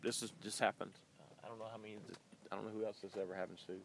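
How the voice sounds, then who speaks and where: A man's voice: lowish voice, steady tone, rapid-fire, creaky, fairly bright tone, slight background noise. A man hosting a podcast, chatting loosely in a rambling way, full of ums and uhs, while driving his car. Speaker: podcast host. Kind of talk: casual rambling monologue.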